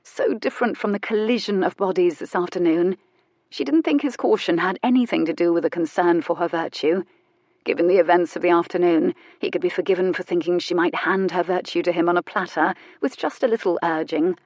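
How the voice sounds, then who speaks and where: A woman reading a romance audiobook in a soft, measured, intimate narration. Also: on the low side, fairly even intonation, dry recording.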